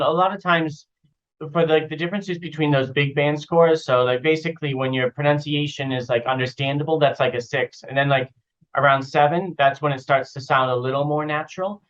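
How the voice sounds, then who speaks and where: A man giving casual spoken feedback as an IELTS speaking teacher, relaxed and repeating example phrases to model how they sound. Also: medium pitch, lo-fi sound. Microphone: online video call.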